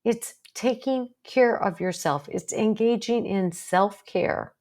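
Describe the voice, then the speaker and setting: A woman's voice: medium pitch, takes it slowly, darkish tone. A woman psychologist with a strong, assertive voice, giving an educational talk to viewers in a direct, coaching way. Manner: direct, coaching, self-deprecating asides.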